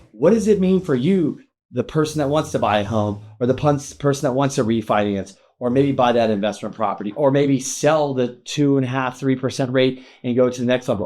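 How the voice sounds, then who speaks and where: A man's voice: mid-range voice, warm tone. A middle-aged man hosting a real estate finance show, ranting emphatically about the market with casual swearing. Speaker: real estate loan officer and show host. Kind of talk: energetic market commentary to camera.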